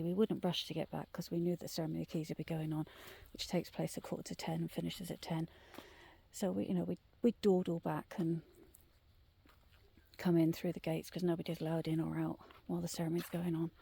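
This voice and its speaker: A middle-aged woman casually telling ghost stories on a night walk through the woods, often dropping into a hushed whisper. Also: low voice, gravelly, a little hiss or hum. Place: woodland trail outdoors at night.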